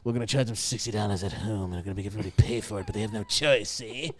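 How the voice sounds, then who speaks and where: A man's voice: lowish voice, expressive, rapid-fire, voice pushed down, natural voice. A man putting on the voice of a scheming old-time movie gangster who growls tough-guy threats.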